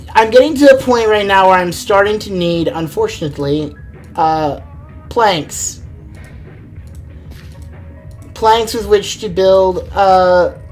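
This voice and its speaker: A woman's voice: lowish voice, a little mellow. A woman streaming a game live, rambling and thinking aloud, often exasperated at what happens on screen. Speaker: gaming streamer. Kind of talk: live let's-play commentary.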